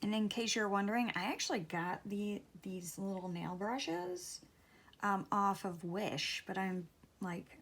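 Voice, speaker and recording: A middle-aged woman giving a casual nail tutorial at home, talking slowly and softly, often dropping to near-whispers. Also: lowish voice, breathy edge. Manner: slow, soft-spoken, drops to near-whispers. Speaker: beauty vlogger. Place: home, at a table.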